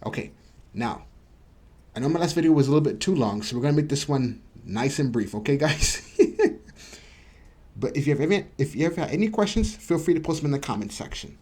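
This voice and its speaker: A man giving a casual video lesson, patiently repeating each word slowly for practice. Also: medium pitch, animated, a little mellow, breathy edge. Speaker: Japanese teacher.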